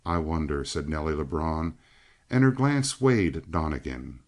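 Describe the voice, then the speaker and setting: Deep voiced guy reading a western novel aloud, lots of up and down in his voice. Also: sing-song, unhurried, darkish tone. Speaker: audiobook narrator. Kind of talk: scripted narration of a western novel.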